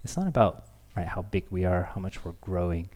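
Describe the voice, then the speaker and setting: A man's voice: low voice, lively intonation, a little fast, darkish tone. A man in his thirties, a pastor preaching a sermon, talking candidly and self-deprecatingly, with playful acted quotes.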